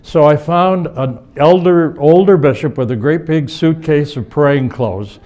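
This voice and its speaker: A man's voice: on the high side, measured pace, darkish tone. An older man, a bishop giving a rambling conference talk full of personal stories and self-corrections. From United States. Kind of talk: storytelling lecture. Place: conference hall before an audience.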